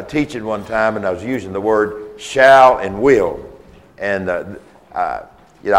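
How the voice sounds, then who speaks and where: A man with a Southern US accent delivers a sermon in an earnest, insistent manner. His voice sits on the low side. He often restarts and repeats phrases to drive a point home. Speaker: preacher.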